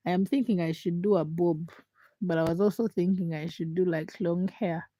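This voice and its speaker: Young woman livestream host, hoarse and congested, chatty and teasing, begging viewers to comment; dry close sound. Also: fairly even intonation, moderate pace, warm tone, no echo. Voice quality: deep, froggy voice. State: hoarse, stuffed nose from a chest infection. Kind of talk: late-night casual livestream chat. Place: her home at night.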